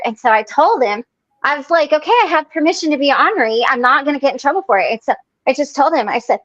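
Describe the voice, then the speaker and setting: A woman's voice: high-pitched, animated, fast talker, fairly bright tone, no room sound, dull audio. A woman in an online recovery meeting, telling a story in casual chat and acting out the quotes. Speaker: meeting participant.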